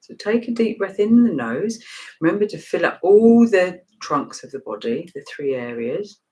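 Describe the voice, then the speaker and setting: A woman's voice: fairly low pitch, sing-song, normal speed, warm tone, low-quality recording. Woman casually guiding breathing exercises. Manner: loose, rambling instruction with frequent restarts. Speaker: meditation and breathing teacher. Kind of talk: casual guided breathing and stretching session.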